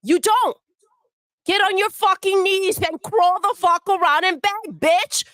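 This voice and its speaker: A woman's voice: extremely high pitch, a little slow, pushed and bright, dry recording. A woman delivering a profane, scornful rant full of swearing. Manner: scornful, swearing, mocks with put-on voices. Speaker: livestream segment voice.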